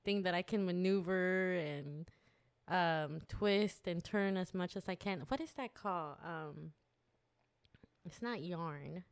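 A woman with a slightly low voice, chatting casually and rambling through her stories. She laughs often and talks warmly about her experiences. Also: takes it slowly, smooth. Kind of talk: casual chat.

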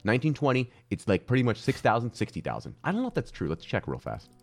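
Fast, animated man joking around. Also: medium pitch, vocal fry. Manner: jokey, rambling, mock-outraged asides. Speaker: podcast co-host. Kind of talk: casual chat.

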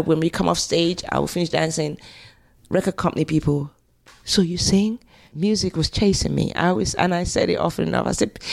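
Nigerian woman in an interview, lowish gravelly voice, animated storyteller. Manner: animated storyteller who scats and acts out quotes. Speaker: guest.

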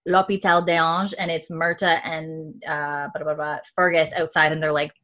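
A woman hosting a casual chat, animatedly retelling TV scenes and quoting the characters. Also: moderate pace. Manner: animated storyteller, quoting characters in a lowered voice, laughs often. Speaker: podcast host recapping a TV episode.

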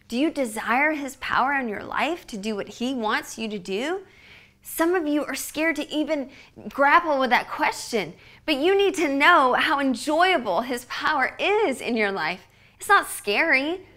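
A woman in her thirties giving a devotional podcast teaching, earnest and conversational, often dropping to a soft hush for emphasis. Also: high voice, expressive, moderate pace. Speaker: Bible teacher.

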